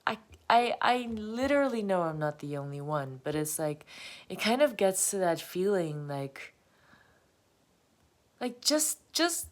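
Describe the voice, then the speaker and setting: A woman's voice: mid-range voice, very animated, unhurried. A woman vlogging a rambling, emotional confessional monologue, laughing often as she talks. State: emotional, close to tears.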